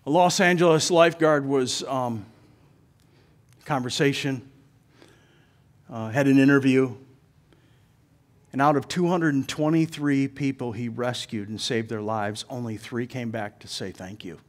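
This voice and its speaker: A middle-aged man preaching a sermon in a church, telling funny stories with lively acted-out voices and laughter. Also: mid-range voice, a little slow, long pauses. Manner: animated storyteller, laughs while telling, acts out voices. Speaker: pastor. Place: church sanctuary.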